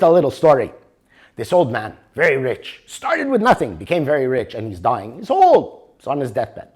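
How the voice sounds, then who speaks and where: An older man teaching a motivational workshop, animated and always checking for agreement with the audience. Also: medium pitch, husky. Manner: animated, keeps asking for agreement. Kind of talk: workshop lecture.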